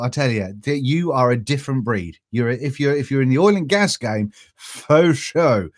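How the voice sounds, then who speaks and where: A man's voice: medium pitch, expressive, normal speed, hardly any pauses. A man hosting a casual live stream, reading out viewer greetings in a chatty, self-mocking way and stumbling over names. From East Anglia. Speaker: vaping channel host.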